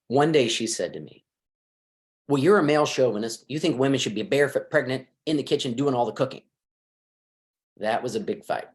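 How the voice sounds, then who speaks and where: A middle-aged man, a marriage counselor, giving advice in a conversational interview and acting out bits of dialogue as he talks. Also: medium pitch. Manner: lively, acts out quoted dialogue.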